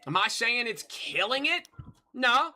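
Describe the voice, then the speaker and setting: A man's voice: very high-pitched, big pitch swings, a little slow, pushed and bright. A man in casual chat who argues defensively and halts, repeating his words as he explains himself.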